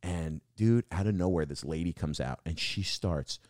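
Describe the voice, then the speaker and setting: A deep-voiced young man spins a rambling, swear-heavy story and calls everyone "dude". He sits close to a podcast mic in a dry, dead room. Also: moderate pace, a little mellow, dry recording. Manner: profane, says "dude" constantly. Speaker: guest comedian.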